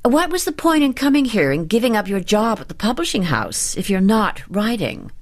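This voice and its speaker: A woman's voice: mid-range voice, very animated, normal speed, pitched above the performer's own voice. Woman reading as a brittle, restless wife. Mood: pressing. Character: restless, brittle wealthy wife, pushy and scornful.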